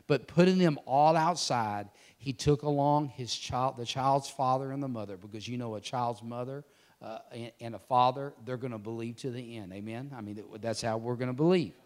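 A man preaching a sermon, swinging between loud emphatic declarations and hushed, intense passages. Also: medium pitch, normal speed.

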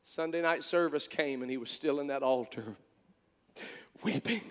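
A man preaching a sermon, moving between quiet storytelling and shouted, impassioned calls. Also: mid-range voice, normal speed, in a large hall. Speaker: pastor. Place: church.

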